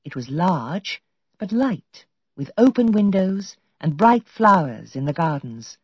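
Low, husky woman reading a story. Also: very animated, takes it slowly, darkish tone, no room sound. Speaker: audiobook narrator. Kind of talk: scripted storybook narration. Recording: dull lo-fi audio.

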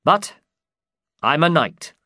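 Male reader voicing a grand old storybook knight, loud, lofty, drawn-out lines. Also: a little high, big pitch swings, dry recording, studio quality, pitched above the performer's own voice, heavily acted. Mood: proud. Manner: bold, commanding, declaiming. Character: proud old man, a deluded knight. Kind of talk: storybook reading.

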